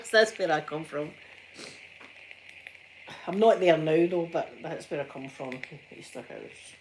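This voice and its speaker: Chatty Glaswegian woman, soft spoken. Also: low voice, expressive, takes it slowly, pauses often, slight background noise. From Scotland. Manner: chatty storytelling with frequent laughs and soft asides. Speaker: ASMR livestream host. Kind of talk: casual chat.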